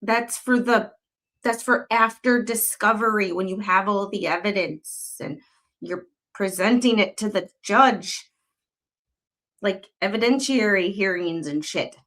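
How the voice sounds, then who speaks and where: A woman hosting casual commentary on a court filing. She is blunt and sarcastic, swears freely, and her pitch jumps sharply when she is exasperated. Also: a little slow, fairly bright tone. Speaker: commentary channel host.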